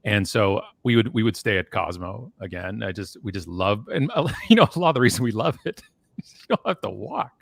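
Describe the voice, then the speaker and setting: A man in his forties on a video call, telling stories in a casual, animated way that often slides into a rant. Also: fairly low pitch, brisk, vocal fry, no room sound. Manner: animated ranting storyteller. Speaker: guest. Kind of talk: casual chat on a live stream.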